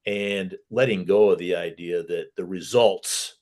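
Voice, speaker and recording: A man's voice: low voice, measured pace, darkish tone. A man who is a guest on a talk show, speaking in a thoughtful, reflective way. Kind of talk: casual radio conversation.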